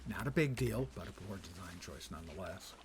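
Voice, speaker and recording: A man's voice: sits low, expressive, a little fast, background noise. A man streaming a game live, talking wryly to himself and reading quest text aloud. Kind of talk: casual live gameplay commentary.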